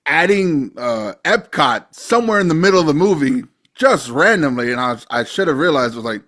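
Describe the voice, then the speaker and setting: A man's voice: fairly high pitch, sing-song, moderate pace, bright, forceful tone. Matter-of-fact male podcast co-host. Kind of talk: casual movie discussion.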